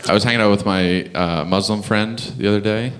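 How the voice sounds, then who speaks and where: A man's voice: lowish voice, a little fast, slight background noise. A young man from Canada doing a stand-up comedy set on a club stage, chatty and chuckling through his punchlines.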